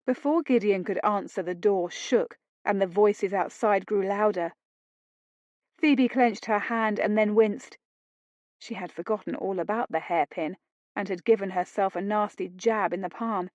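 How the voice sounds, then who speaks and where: A woman narrating an audiobook romance in a slow, deliberate reading. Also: medium pitch, darkish tone, no echo, lo-fi sound.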